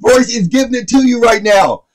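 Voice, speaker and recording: A man hosting a reaction channel, reacting to a rap song with loud, excitable exclamations. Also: very high-pitched, normal speed.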